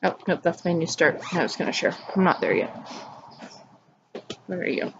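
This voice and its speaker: A woman's voice: on the low side, sing-song, moderate pace, gravelly, lo-fi sound, background noise. A woman hosting a casual cross-stitch vlog outdoors in her backyard, chatting loosely and wandering off topic. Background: birds singing.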